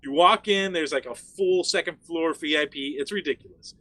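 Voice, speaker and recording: A fairly high-voiced man from Miami tells a wild story as a guest on a casual chat. He is animated and swears freely, and he fills his sentences with "like." The sound is dry and close. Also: normal speed, no echo. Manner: animated, profane, frequent "like" fillers.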